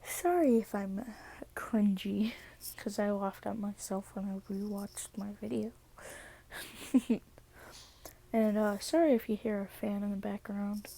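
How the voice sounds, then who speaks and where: Slow, soft-spoken woman storyteller. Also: medium pitch, steady tone, creaky. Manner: hesitant, soft-spoken, giggly. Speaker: video creator. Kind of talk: casual fan-story narration.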